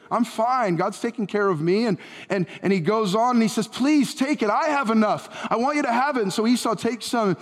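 Male pastor preaching in an echoing church hall. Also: very high voice. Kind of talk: sermon. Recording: long hall reverb.

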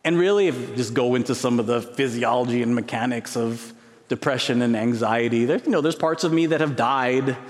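A man preaching a sermon with emphasis, his voice climbing high on key words between musing pauses. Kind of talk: expository sermon. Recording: long reverb of a large hall.

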